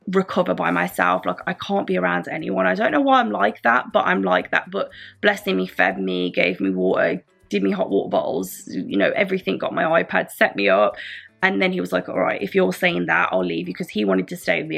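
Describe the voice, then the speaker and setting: A woman's voice: fairly low pitch, very animated, fairly quick, creaky, fairly bright tone, faint music behind. A woman chatting casually to camera from her bed, retelling events and quoting what everyone said. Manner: chatty, recounts events with lots of quoted back-and-forth. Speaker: vlogger. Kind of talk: casual storytime vlog. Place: lying in bed at home.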